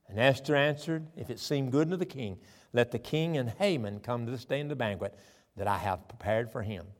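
A man with a Southern accent from Tennessee and Alabama, preaching a folksy, animated sermon with chatty asides. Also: mid-range voice, fairly quick. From southern Tennessee and northern Alabama. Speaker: pastor. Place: large church sanctuary. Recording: church hall reverb.

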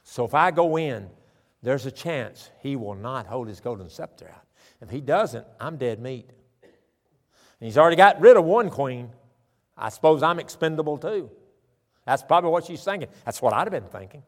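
A man with a Southern accent from Tennessee and Alabama, preaching a folksy, animated sermon with chatty asides. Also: mid-range voice, normal speed. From southern Tennessee and northern Alabama. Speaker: pastor. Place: large church sanctuary. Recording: church hall reverb.

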